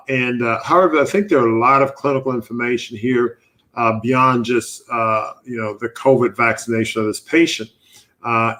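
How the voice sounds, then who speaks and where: A middle-aged man, a doctor, hosting a live online panel from a studio and presenting a case from slides in a relaxed, conversational way with many fillers. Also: mid-range voice.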